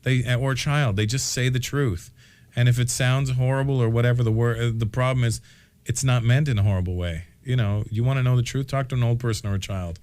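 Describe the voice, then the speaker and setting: A man's voice: mid-range voice, fairly quick, darkish tone, clear, resonant tone. A man in his forties, a comedian guest on a radio show, talking frankly and jokily, often laughing and stumbling over the first words of a sentence. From Canada. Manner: frank, joking, laughs often, stammers at starts. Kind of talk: casual radio interview chat. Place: radio studio. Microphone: studio mic.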